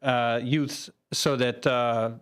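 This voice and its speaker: A man's voice: medium pitch, flat delivery, slow pace, fairly bright tone, clear, resonant tone. Chatty questioning man on a radio show. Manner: chatty, questioning, laughs easily. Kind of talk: radio talk show conversation. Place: radio studio.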